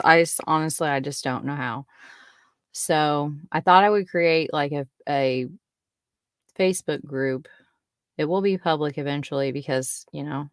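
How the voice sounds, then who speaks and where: A woman's voice: low voice, smooth, no echo, clean studio sound. A young adult woman hosting a podcast, giving a casual spoken update in a rambling, giggly way that keeps interrupting itself. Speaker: podcast host.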